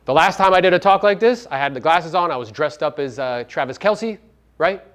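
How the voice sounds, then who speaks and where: A man's voice: fairly high pitch, lively intonation, fairly quick, a bit bright. A middle-aged man giving a brash, profane seminar talk, firing rhetorical questions at his audience. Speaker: real estate business owner giving a media talk.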